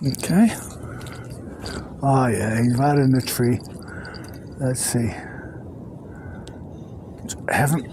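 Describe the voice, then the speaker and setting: A man talking casually outdoors on a river bank as he fishes, chatty and quick to exclaim, with breathy sighs between his lines. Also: mid-range voice, noisy background. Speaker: angler filming his catch. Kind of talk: casual running commentary while fishing.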